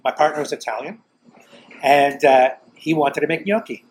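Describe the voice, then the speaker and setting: A man's voice: on the high side, moderate pace, low-quality recording. Male host, chatty storyteller, faint background noise. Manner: storytelling, animated, puts on voices in anecdotes. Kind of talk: casual chat.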